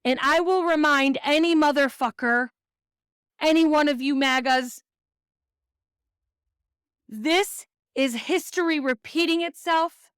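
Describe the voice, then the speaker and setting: A woman's voice: high voice, slow, long pauses, a bit bright, no echo, studio quality. A woman from the United States hosting a podcast, giving angry political commentary full of swearing and reading news excerpts aloud. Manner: profane, ranting, reads news aloud. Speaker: podcast host.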